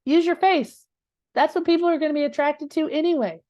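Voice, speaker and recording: This real estate coach's voice sits high and warm, and she speaks briskly. The audio has no room sound, with the highs cut off. Teaching a live class, she stays direct and conversational, often checking in with her audience through many rhetorical "right?"s.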